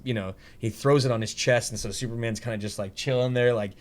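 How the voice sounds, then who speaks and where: A man hosting a casual podcast, rambling through animated retellings of scenes, with lots of fillers and some swearing. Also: mid-range voice, fast. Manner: casual, profane, filler-heavy. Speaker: podcast host.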